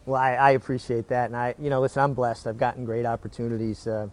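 A man's voice: mid-range voice, little pitch movement, fast, a little mellow. A middle-aged man, a retired jockey, recounting his career in a casual interview, earnest and prone to repeating words as he restarts.

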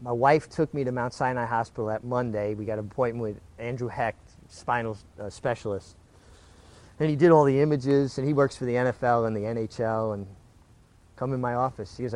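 A man's voice: medium pitch, fairly even intonation, fairly quick, a little mellow. A middle-aged man, a retired jockey, recounting his career in a casual interview, earnest and prone to repeating words as he restarts.

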